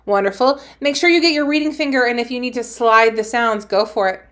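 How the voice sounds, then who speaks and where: A woman's voice: a little high, a little fast, fairly bright tone. A woman teacher giving a cheerful phonics lesson to young children, sounding out letters and praising them.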